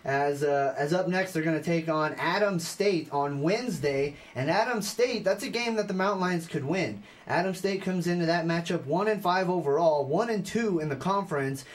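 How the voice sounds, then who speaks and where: A young man with a fairly high voice hosts a college radio sports hour. He talks in a loose, chatty way and reels off scores and stats, stumbling over restarts and fillers as he goes. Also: normal speed, few pauses. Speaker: sports radio show host.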